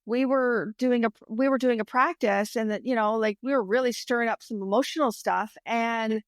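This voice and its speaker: A woman's voice: on the high side, steady tone, moderate pace, no echo, clean studio sound. A woman in her fifties talking candidly on a podcast, telling personal stories and acting out her own thoughts. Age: 50s. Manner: candid, storytelling, acts out her own inner voice. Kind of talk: casual podcast chat.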